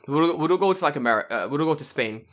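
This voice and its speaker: Young uk guy, bright high-ish voice, sweary excitable banter, lots of ups and downs. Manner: excitable, sweary, quick to laugh. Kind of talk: casual chat.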